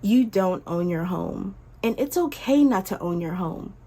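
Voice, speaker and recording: A woman's voice: on the low side, animated, mellow. A woman doing a patronizing young classmate. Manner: patronizing, insistent, slow and soothing. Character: condescending young female classmate lecturing.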